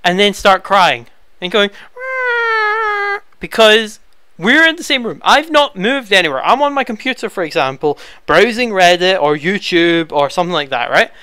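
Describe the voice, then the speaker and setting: A man's voice: high-pitched, sing-song, normal speed, bright, forceful tone, clean tone, no room sound. Chatty young man on a headset. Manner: rambling, chatty and easily flustered. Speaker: YouTube Let's Player. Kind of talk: casual Q&A answering viewer questions. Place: home room.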